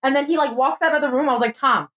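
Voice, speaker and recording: High, giggly woman podcast guest. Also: very fast, very noisy. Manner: giggly, playful, laughs often. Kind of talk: casual chat.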